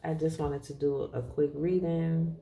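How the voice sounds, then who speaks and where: Gravelly, rambling tarot reader. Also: medium pitch, level tone, a little slow, a little hiss or hum. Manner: rambling, self-correcting, laughs softly. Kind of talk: casual spiritual reading.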